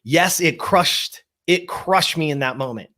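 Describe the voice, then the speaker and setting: A man in his fifties tells a personal story as a motivational guest. He is emphatic, repeats himself for effect and speaks straight to listeners, his voice sitting somewhat high for a man. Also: a little slow, sharp tone. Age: 50s. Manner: emphatic, repeats words, addresses the audience directly.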